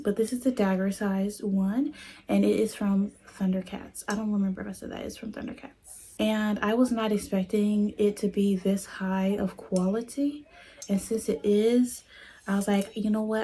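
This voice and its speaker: A young woman chatting casually to her phone camera as a vlogger, self-teasing and sometimes dropping to a hush. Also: medium pitch, a little hiss or hum. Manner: chatty and self-teasing, drifting to hushed tones. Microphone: phone front camera.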